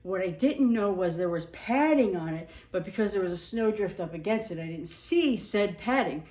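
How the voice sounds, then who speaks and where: A woman tells a comic story about herself in a loose, animated way. Her voice sits in a middle range. The room around her adds a noticeable echo. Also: mid-range voice, moderate pace, distant mic. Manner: animated, self-mocking, acts out shrieks. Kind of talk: casual storytelling. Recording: echoey room.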